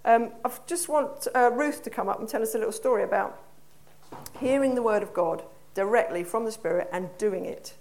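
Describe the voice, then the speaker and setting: An English woman with a fairly high voice preaches to a congregation. She talks in a conversational, earnest way and keeps asking the room questions. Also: brisk, darkish tone, a little hiss or hum. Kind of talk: sermon. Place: church hall.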